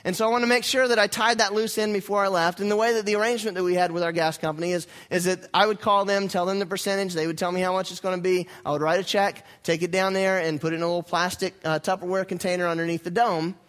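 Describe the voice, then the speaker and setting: A young adult man, a pastor, telling a story in a sermon with animated, self-mocking humor. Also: sits high, fast talker, hardly any pauses.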